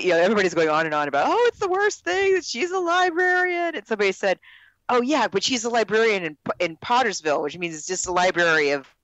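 A woman's voice: lowish voice, fairly bright tone, no echo, dull audio. A woman podcast co-host chatting casually, joking and laughing. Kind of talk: casual chat.

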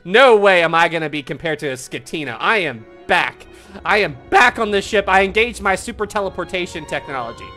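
A man's voice: high voice, lively intonation, a little fast, sharp tone, faint music behind. A man hosting a live game stream, commenting playfully, laughing often and putting on theatrical farewells. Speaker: streamer and host.

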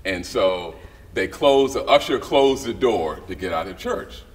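A man's voice: on the low side, a little slow. A middle-aged man, a writer and director, telling stories as a guest in a casual interview and acting out the voices of people he quotes. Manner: animated storyteller who acts out quoted voices. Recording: slightly distant mic with faint background noise.

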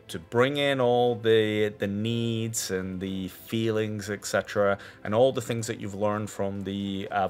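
A man presenting a screen-share technology demo, explaining in a halting way that restarts and repeats words. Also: lowish voice. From Scotland.

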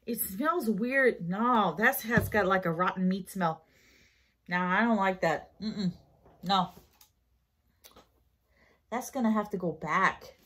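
A woman with a New York accent talks slowly and unhurriedly through a casual haul vlog. She sounds tired and rambles, often stopping to correct herself. Her pitch sits in a middle range for a woman. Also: a bit bright, husky. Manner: rambling, self-correcting, with fillers. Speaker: haul vlogger.

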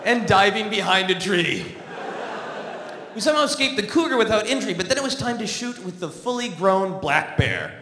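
A man's voice: high voice, expressive, moderate pace, noisy background. A male comedian telling a stand-up story on a theatre stage with a dry, wry comic delivery. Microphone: stage microphone. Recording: echoey theatre hall from a distance.

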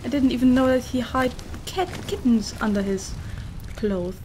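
A woman's voice: a little high, normal speed, dark tone, slight background noise. A woman playing a video game, talking to herself, swearing and giving herself pep talks. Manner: swears and talks to herself, frustrated then giddy. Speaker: game streamer. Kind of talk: let's play commentary.

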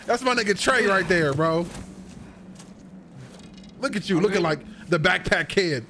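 A young man with a high, very lively voice, reacting to a video game as he plays. He is excitable and profane, and breaks into loud outbursts between bouts of joking banter. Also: unhurried, pauses often, a little hiss or hum.

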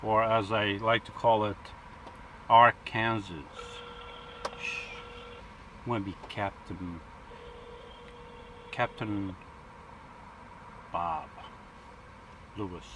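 A man's voice: on the low side, steady tone, slow, long pauses, fairly bright tone, a little hiss or hum. A man casually chatting in his van as a vlogger, rambling and correcting himself as he talks. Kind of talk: casual vlog chat. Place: inside a parked van.

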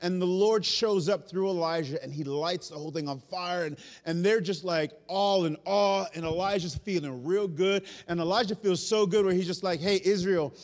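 A male pastor, preaching an animated, storytelling sermon in a church. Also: high voice, moderate pace, hardly any pauses. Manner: animated, storytelling, self-aware asides. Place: church sanctuary.

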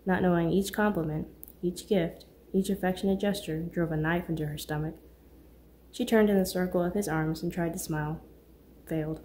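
Audiobook narrator, woman, lower register, calm measured delivery. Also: a little hiss or hum. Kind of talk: scripted narration.

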